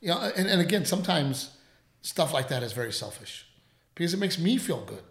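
A radio host telling a story in casual chat, rambling and animated, with plenty of fillers. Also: male voice, on the high side, fairly quick, roomy sound.

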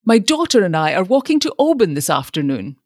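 A querulous old father, anxious and absent-minded, fretting through his words, as a woman reading a storybook puts him on. The pitch swings lively and the sound is close and dry. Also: brisk, no room sound. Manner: querulous, fretful.

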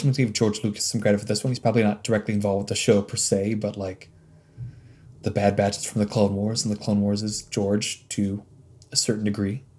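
Hesitant male podcast co-host, full of ums. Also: a little mellow. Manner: musing, hesitant, many ums and uhs, drops to low asides. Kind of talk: casual podcast chat.

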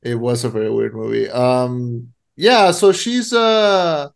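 A man co-hosting a casual podcast, explaining with relaxed fillers. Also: medium pitch, slow pace, creaky. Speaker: podcast co-host. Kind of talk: casual chat.

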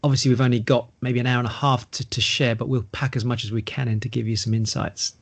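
A man's voice: medium pitch, level tone, quick pace, gravelly, breathy edge. A middle-aged man, explaining investing and property in a casual podcast conversation, running through long lists. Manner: explanatory, long listing run-ons.

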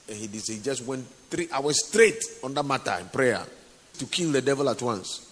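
Husky man preaching in a hall. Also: medium pitch, lively intonation, fairly quick. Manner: intimate, calls listeners honey and sweetheart. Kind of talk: sermon with personal testimony. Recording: reverberant hall.

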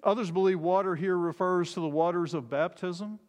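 Emphatic male preacher in a reverberant hall. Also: darkish tone. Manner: emphatic, slows and drops low on key phrases. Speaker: pastor. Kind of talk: sermon.

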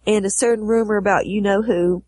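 A woman co-hosting a podcast with a cold, hoarse voice, reading listener messages aloud. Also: mid-range voice, steady tone, a little fast, a little mellow, no room sound. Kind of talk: casual podcast chat.

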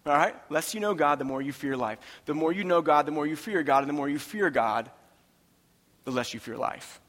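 A man preaching a sermon as pastor, impassioned, swinging from hushed tones to loud emphatic repetition. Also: fairly high pitch, a little fast. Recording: long reverb of a large hall.

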